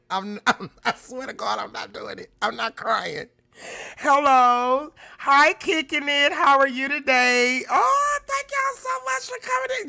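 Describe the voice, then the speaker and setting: A woman hosting a casual livestream, greeting viewers by name and shifting between loud exclamations and quiet, emotional talk. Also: high-pitched, lively intonation, a little slow, vocal fry. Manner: emotional, swings from loud exclamations to soft near-whispers; talks straight to chat, greeting viewers by name. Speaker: YouTube livestream host.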